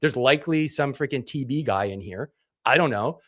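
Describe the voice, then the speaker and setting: With lively intonation and a slightly bright, medium-pitched voice at normal speed, a man from Canada gives an interview about his military service. The recording is dry and studio quality, and he's blunt and profane, cursing and performing dialogue as he tells his story.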